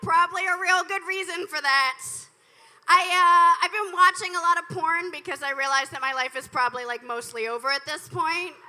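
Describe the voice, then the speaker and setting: A woman's voice: very high voice, normal speed, sharp tone. A woman doing a live stand-up set on a club stage into a handheld mic, telling stories with dry, profane asides to the crowd. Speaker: stand-up comedian. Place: comedy club stage, indoors.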